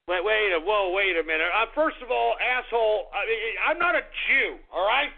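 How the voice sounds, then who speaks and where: A man hosts a call-in radio show with a high-pitched, scolding delivery. He rants and curses between callers. The sound is tinny and narrow, like a phone line. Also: lively intonation, moderate pace, vocal fry. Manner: profane, ranting, sarcastic.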